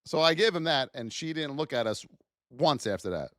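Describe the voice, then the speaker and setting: Lively, bright-voiced man hosting a stream. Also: fairly high pitch, normal speed, dry recording, clean studio sound. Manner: chatty storyteller, blunt, calls out to viewers. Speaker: trading educator hosting a live stream. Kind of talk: casual live-stream trading commentary.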